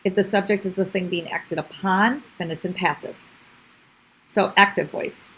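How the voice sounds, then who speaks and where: A woman's voice: fairly low pitch, steady tone, moderate pace, fairly bright tone, husky, poor audio. A woman teacher explaining a grammar lesson step by step, often checking in with the class.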